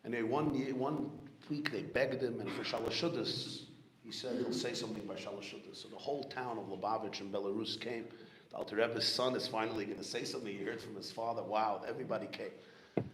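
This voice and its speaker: New York rabbi telling stories in an echoey room. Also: male voice, lowish voice, brisk. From Brooklyn, New York. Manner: animated storyteller, sprinkles Hebrew and Yiddish terms. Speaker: rabbi giving a farbrengen talk. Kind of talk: storytelling sermon. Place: large room at a gathering. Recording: echoey room, faint background noise.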